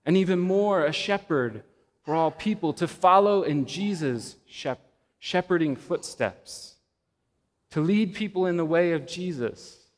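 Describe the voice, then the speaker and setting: Slow-preaching man in a reverberant hall. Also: sits high, lively intonation. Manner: slow, measured delivery with dramatic pauses and rising emphasis. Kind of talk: sermon. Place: church sanctuary. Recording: long reverb of a church hall.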